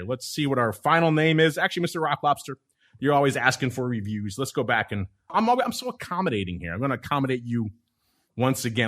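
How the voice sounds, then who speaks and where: A man's voice: mid-range voice, fairly bright tone. A man hosting a podcast in casual chat, teasing his co-hosts playfully. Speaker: podcast host.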